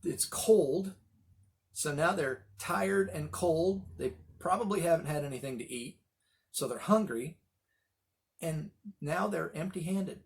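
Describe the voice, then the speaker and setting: Man, middle-aged, pastor, Bible study teaching, slightly high voice, animated storytelling. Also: unhurried, vocal fry.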